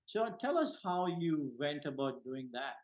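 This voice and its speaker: A man hosting an interview, asking questions in plain, relaxed phrasing. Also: a little high, unhurried, poor audio. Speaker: interview host. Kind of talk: casual interview talk.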